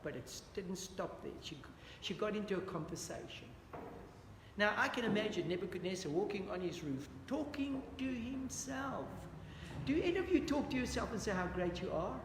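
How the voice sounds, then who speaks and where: Earnest and animated, a high-voiced man questions his listeners during a Bible study, often addressing them as "dear friends," at normal speed. The sound has a noisy background and faint ambience, with long reverb from an echoey hall.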